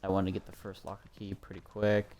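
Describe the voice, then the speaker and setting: A young streamer from Minnesota comments casually while playing a horror game, chatting with viewers and swearing often. His voice sits low and he talks fast.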